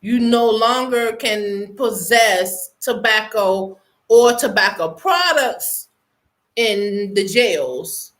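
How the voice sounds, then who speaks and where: A woman's voice: medium pitch, lively intonation, a bit bright. A woman from the United States, hosting her own online show and chatting casually about news, playful and laughing, drawing her words out for effect. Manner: playful, laughing, drawn-out dramatic delivery.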